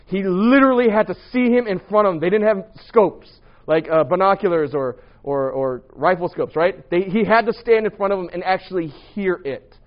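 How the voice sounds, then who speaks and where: A man's voice: sits high, normal speed, few pauses, highs cut off. A man teaching a Bible class in a conversational way, quizzing his students and often checking with "right?".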